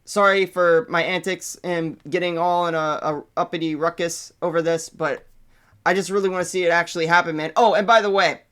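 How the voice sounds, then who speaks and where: A man hosting his own channel, ranting in an excitable, profane way that swings between hype and anger. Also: on the high side, brisk, clean tone. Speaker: channel host. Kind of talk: casual vlog rant.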